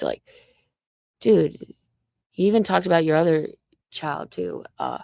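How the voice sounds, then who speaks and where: Young woman, livestream rant, profane, confrontational, low gravelly voice, dry sound. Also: unhurried, pauses often, warm tone, no room sound. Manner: profane, confrontational, addressing someone directly.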